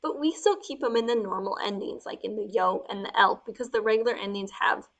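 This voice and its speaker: A woman teaching Spanish verb forms step by step while writing them out, talking through each change slowly and sometimes dropping to a soft murmur as she writes. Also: mid-range voice. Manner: slow, step-by-step explaining. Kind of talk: explaining grammar while writing.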